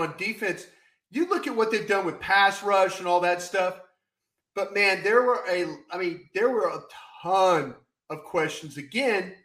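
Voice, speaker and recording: A man's voice: high-pitched, a bit bright. A man co-hosting a casual sports talk show, emphatic and folksy, often saying "I'll tell you what". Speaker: co-host. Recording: roomy echo.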